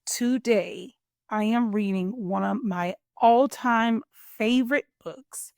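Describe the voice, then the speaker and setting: Woman, middle-aged, storytime host, expressive read-aloud, slow, dry close mic. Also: on the high side, creaky, no room sound. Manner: animated, expressive, warm teacher tone. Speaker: host and children's story reader.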